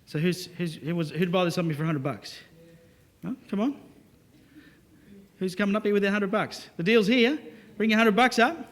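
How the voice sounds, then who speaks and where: A man giving a lively, joking sales talk to a live audience. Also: sits high, moderate pace, pauses often. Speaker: business speaker.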